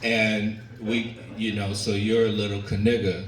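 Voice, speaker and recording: A man doing a stand-up set, telling stories slowly and deliberately, pausing for the crowd's laughter. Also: lowish voice, level tone. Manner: slow, deliberate storytelling with pauses for audience laughter. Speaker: stand-up comedian. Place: comedy venue with a live audience. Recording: echoey room recorded from a distance, noisy. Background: audience laughter and room ambience.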